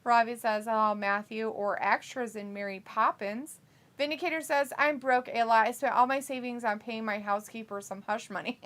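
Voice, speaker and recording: A woman hosting a live watch-along stream, reading viewer chat messages aloud with quick laughs in casual talk. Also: fairly high pitch, a bit bright.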